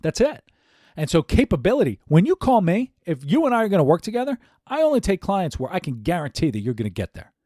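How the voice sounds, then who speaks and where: A man's voice: high voice, very animated, fast, dark tone, no echo, clean studio sound. A man hosting his own podcast as an executive coach, talking in a blunt, emphatic, conversational way. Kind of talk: solo podcast monologue.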